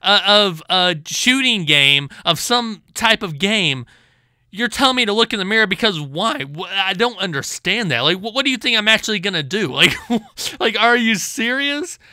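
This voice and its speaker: A man's voice: high voice, expressive, moderate pace, bright, forceful tone, dry recording, studio quality. A man hosting a commentary vlog, ranting in an exasperated, sarcastic way with lots of stammering restarts. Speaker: channel host.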